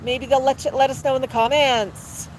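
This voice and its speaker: Her voice sits high, with fairly even intonation and a normal speed, as this woman livestreams from an outdoor patio with her parrot. She chats, tells jokes and laughs over faint street traffic in a rough recording.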